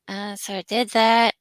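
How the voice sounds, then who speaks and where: A woman with a bright, slightly high voice co-hosts a casual chat. She talks slowly and easily, with frequent laughs. Her voice sounds dry and close. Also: no echo. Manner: slow, relaxed, laughs often.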